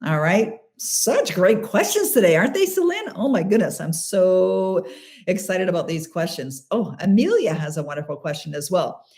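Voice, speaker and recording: A woman's voice: fairly low pitch, animated, normal speed, darkish tone. A middle-aged woman hosting a live question-and-answer show, coaching listeners in an emphatic, encouraging way and repeating key phrases for stress. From Canada.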